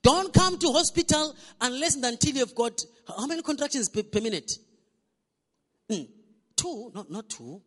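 A male pastor preaching a storytelling sermon in a church hall, animated and often repeating words as he restarts. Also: very high voice, moderate pace. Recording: echoey hall reverb.

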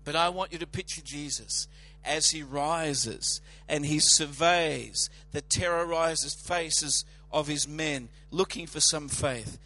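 Man preaching, high voice, very bright and forceful tone, dramatic emphatic sermon delivery. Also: takes it slowly.

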